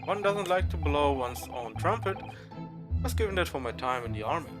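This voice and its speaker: A man's voice: fairly high pitch, expressive, normal speed, lightly acted. A man voicing a pompous retired army officer, an older British man, over game music. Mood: blustering. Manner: blustering, stiff-upper-lip.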